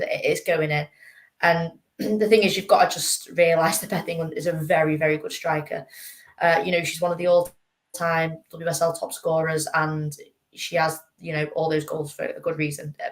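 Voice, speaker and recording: Low-voiced woman in an echoey room. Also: level tone, moderate pace. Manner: hesitant, many fillers. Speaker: fan panelist. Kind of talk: casual football discussion.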